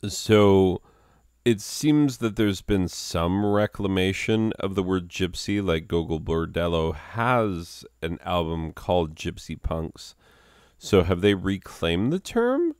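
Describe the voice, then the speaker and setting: A man hosting his own channel in a rambling comedic monologue, deadpan, self-mocking and wandering off topic. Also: deep voice, dry recording, studio quality. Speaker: channel host.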